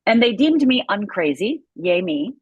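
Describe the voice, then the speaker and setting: A woman's voice: a little high, big pitch swings, moderate pace, breathy edge, no room sound, phone-quality sound. A middle-aged woman from Upper Michigan, a guest telling her life story with intense, vivid storytelling. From Upper Michigan, USA. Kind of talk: personal story in an interview.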